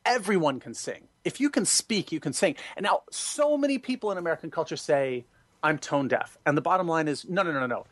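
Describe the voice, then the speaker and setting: A man being interviewed, telling stories expressively and acting out quoted voices, with sudden high jumps for emphasis. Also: lively intonation, a little fast, fairly bright tone, no echo. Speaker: guest, singer and former music director. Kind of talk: animated interview storytelling.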